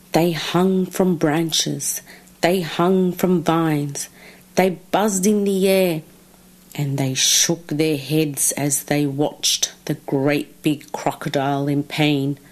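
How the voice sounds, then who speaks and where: A woman reading a children's picture book aloud, lingering on each phrase. Her voice sits a little low and she takes her time, stretching lists and key words for effect. The delivery is warm in rhythm and clearly aimed at young listeners. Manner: slow, expressive, drawn-out phrasing. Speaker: storyteller.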